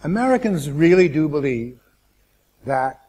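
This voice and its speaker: A man speaking as a guest lecturer to students, deliberate and wry, with asides and restarts. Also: on the high side, big pitch swings, darkish tone, breathy edge.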